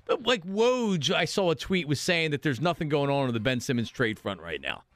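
A man's voice: on the high side, very animated, moderate pace, a bit bright. A man hosting a sports talk radio show, chatting loosely and laughing, with rambling restarts.

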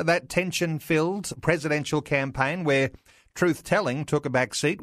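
A man, hosting a radio talk show interview in a measured, unhurried way. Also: mid-range voice, no echo, clean studio sound. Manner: measured, unhurried, with occasional fillers. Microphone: studio microphone.

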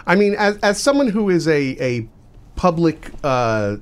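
A man hosting a podcast interview, asking eager, halting questions with many fillers. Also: fairly high pitch, very animated, clear, resonant tone. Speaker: podcast host. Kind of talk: conversational interview.

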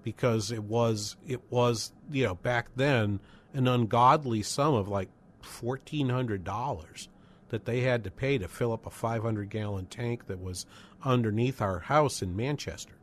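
A man's voice: medium pitch, a little slow, slight background noise. Rambling older male radio talk host. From northern New England. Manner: rambling, conversational, many fillers and restarts. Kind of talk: casual call-in radio talk.

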